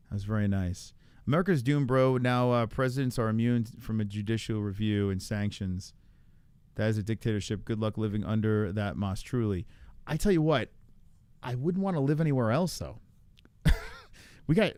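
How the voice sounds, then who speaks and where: A man's voice: fairly low pitch, a little mellow, smooth, no echo. A man hosting a live stream, chatting casually and reacting to viewer comments with swearing, laughter and rambling restarts. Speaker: livestream host.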